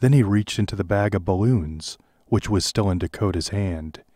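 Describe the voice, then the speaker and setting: Deep-voiced man, deadpan parody audiobook reading, close dry mic. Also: moderate pace, dry recording. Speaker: narrator.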